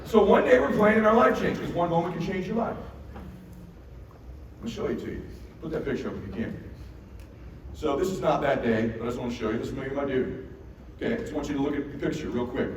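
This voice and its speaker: A middle-aged man giving a motivational keynote on stage, telling a story in an animated, profane way and acting out the dialogue. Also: a little high, quick pace, pauses often. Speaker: keynote speaker. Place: large event hall on stage. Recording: echoey hall from far off with noise.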